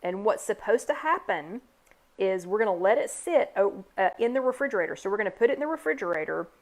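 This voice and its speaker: A woman's voice: medium pitch, animated, fast. A woman hosting a live online chat, casually demonstrating a recipe and talking to viewers by name in an upbeat, chatty way. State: hiccups. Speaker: host. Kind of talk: live cooking demo chat.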